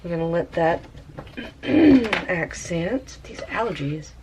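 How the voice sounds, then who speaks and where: A woman's voice: lowish voice, lively intonation, takes it slowly. A woman chatting her way through a tie dye session with lots of fillers. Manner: chatty, rambling, many fillers. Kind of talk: casual craft demo. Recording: faint background noise.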